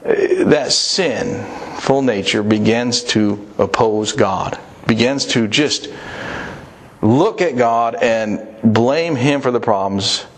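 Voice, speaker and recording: A man preaching a sermon in a conversational way, with emphatic rises in pitch and a pace that speeds up and slows down. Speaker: pastor.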